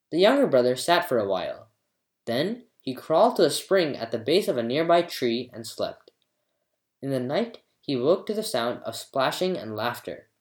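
Expressive storyteller with lively pitch. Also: reverberant. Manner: expressive, dramatic reading. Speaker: book reviewer and storyteller. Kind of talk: scripted narration of a review and a folktale.

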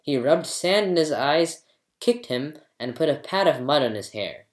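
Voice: mid-range voice, animated, a little slow, echoey room. A storyteller giving a scripted book review and then reading a folktale aloud with dramatic expression.

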